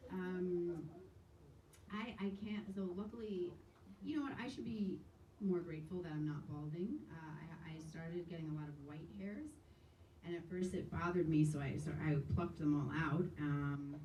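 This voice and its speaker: Self-deprecating woman with a Long Island accent. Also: on the low side. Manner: self-deprecating, rambling, giggly. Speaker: comedy host. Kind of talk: stand-up crowd work. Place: small comedy club stage. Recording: echoey club heard from a distance. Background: audience laughter and room noise.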